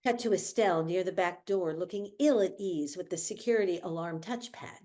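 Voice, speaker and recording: A woman reading stage directions aloud in a measured, descriptive way at a virtual table read. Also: on the low side, warm tone. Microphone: video call.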